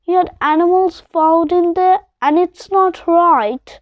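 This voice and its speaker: A woman's voice: very high voice, measured pace, no echo, lo-fi sound. A woman doing a bold, defiant animal rescuer.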